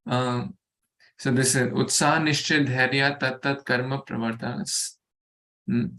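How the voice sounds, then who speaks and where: A man leads a scripture study class, speaking slowly and stopping often to ask his listeners questions. His voice is gravelly with audible fry. He repeats words as he works through each line of the verse. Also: mid-range voice, fairly even intonation, sharp tone. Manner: slow, repeats words and asks the group questions. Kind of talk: explaining a scripture verse to an online study group.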